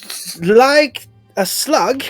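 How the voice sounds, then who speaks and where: A man voicing a pompous heroic fey champion, British-accented, declaiming slowly and grandly. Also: extremely high pitch, expressive, dry recording, soft background music, pitched above the performer's own voice, heavily acted. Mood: heroic threat. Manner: grandiose, slow theatrical declaiming.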